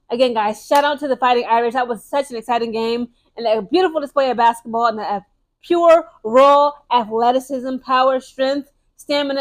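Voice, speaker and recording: A young woman talks straight to her viewers in a casual sports vlog. Her voice sits high, and she drives her points hard, checking in with "okay?" and "guys" as she goes. She talks fast and chatty, restarting and repeating words along the way. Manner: emphatic, keeps tagging lines with "okay?" and "guys". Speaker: sports commentary vlogger. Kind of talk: casual opinionated sports commentary.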